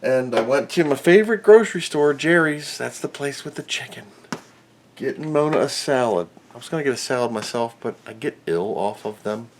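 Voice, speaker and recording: Male host, mid pitch, rambling workbench chatter, self-deprecating, faint hiss behind. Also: expressive, fairly quick. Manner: rambling, self-mocking, mutters while working. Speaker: electronics repair host. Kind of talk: casual workbench narration.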